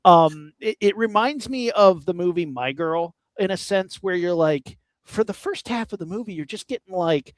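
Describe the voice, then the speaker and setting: Podcast co-host, male, higher-pitched, rambling and jokey, dry close mic. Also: no echo. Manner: rambling, animated, quick to joke. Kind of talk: casual movie chat.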